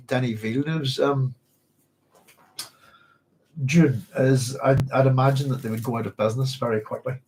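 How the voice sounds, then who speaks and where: A man's voice: medium pitch, darkish tone, a little hiss or hum, low-quality recording. A man hosting a live book club chat, rambling with many ums and restarts, with hiccups and a sore throat. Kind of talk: casual live-stream chat.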